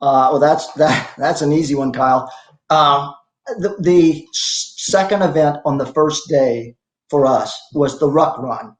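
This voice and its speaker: A man's voice: fairly high pitch, unhurried, echoey room, poor audio. A man in his sixties, a masters fitness athlete, telling stories in a casual interview with a rambling, self-deprecating manner. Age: 60s. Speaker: masters CrossFit athlete guest.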